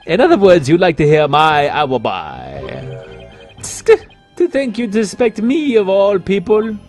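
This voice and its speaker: Guy doing a snooty flamboyant game dandy, high and sing-songy, music faint behind. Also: very animated, measured pace, darkish tone. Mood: haughty. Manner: pompous, theatrical, haughty. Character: vain flamboyant male perfume-spraying dandy. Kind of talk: reading game dialogue aloud.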